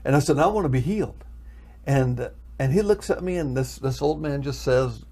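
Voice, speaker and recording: Man, earnest storyteller, husky, mid-pitched. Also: normal speed, warm tone. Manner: earnest, building to emotional intensity. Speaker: minister telling a testimony. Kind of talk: guest telling a personal story.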